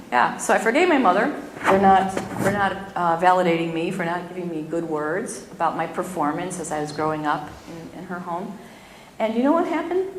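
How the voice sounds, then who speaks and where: Woman teaching in an echoey hall. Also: medium pitch. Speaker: spiritual teacher. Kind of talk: spiritual talk to a live audience. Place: spiritual community hall. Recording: echoey hall, faint room noise.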